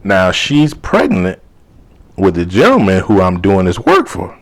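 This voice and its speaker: Deep-voiced man telling a story. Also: measured pace. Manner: animated retelling full of quoted dialogue and "you know". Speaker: life coach. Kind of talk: casual storytelling.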